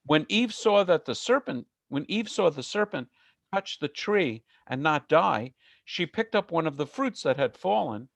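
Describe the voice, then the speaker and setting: A man's voice: a little high, expressive, unhurried, gravelly, dry recording. A man giving an online lecture on myths, talking in a conversational, digressive way with dry jokes.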